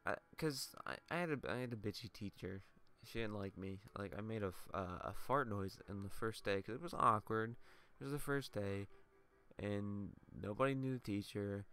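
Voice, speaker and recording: A man's voice: lowish voice, normal speed, sharp tone, clean tone. A young man rambling through a casual let's play, swearing and laughing as he tells school stories over his gameplay. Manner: rambling, profane, laughing asides.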